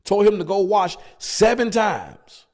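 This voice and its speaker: A man's voice: sits high, sing-song, slow, a little mellow. A male pastor preaching at a Bible study, hammering points with repeated rhetorical questions. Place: church.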